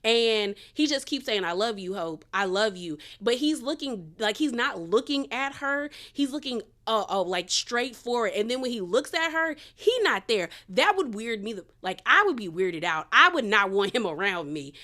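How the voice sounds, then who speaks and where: A woman hosting a casual reality TV review, telling it in a chatty, colloquial, animated way full of slang. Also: fairly high pitch, moderate pace, few pauses. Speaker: reality TV recap host.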